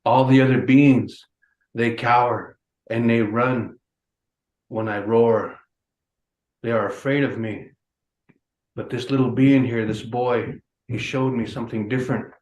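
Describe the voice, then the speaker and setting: A man voicing a huge, proud male grizzly bear in a spoken folk tale, booming and slow, with a roomy echo. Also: steady tone, a little mellow, lightly acted. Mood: wondering.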